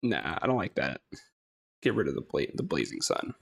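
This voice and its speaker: A man's voice: very deep voice, very animated, moderate pace, vocal fry, fairly bright tone, breathy edge, no room sound. A man casually talking through a game, hesitant and rambling, laughing often and swearing now and then. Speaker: gaming streamer. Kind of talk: casual gameplay commentary.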